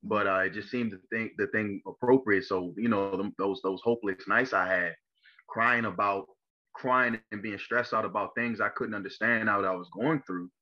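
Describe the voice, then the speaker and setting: A young man from Maryland speaks with a fairly low voice, halting often and restarting his sentences. The recording sounds a little dull and lo-fi, as if the top end is cut off. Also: steady tone. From Maryland, USA. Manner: halting, full of fillers and repeated starts. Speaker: interview guest. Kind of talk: personal testimony interview.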